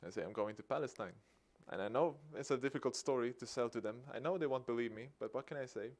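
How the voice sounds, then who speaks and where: Swedish guy giving a talk, mid pitched, acts out the back and forth with a little laugh. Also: quick pace. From Sweden. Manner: lively storyteller acting out dialogue with a chuckle. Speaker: activist speaker. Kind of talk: public talk.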